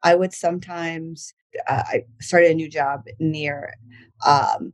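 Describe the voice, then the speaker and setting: A woman's voice: sits low, fairly even intonation, slow pace, dry recording, low-quality recording. A woman, a comedian chatting casually on a podcast with lots of restarts and casual swearing. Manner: rambling, frequent likes and restarts, swears casually. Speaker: comedian guest.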